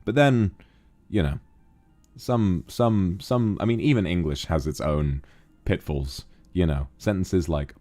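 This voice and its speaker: Very deep-voiced male streamer. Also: a little slow, mellow. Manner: affectionate, calls viewers darling. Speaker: streamer reading viewer donations. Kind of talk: casual livestream chat.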